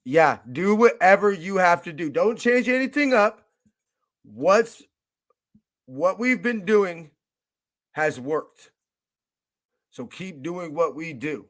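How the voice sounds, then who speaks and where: A man's voice: sits high, lively intonation, slow, long pauses, a bit bright. A young man hosting a fan radio show, talking in a profane, emotional, hyped-up way. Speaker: podcast host. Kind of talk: casual fan radio monologue.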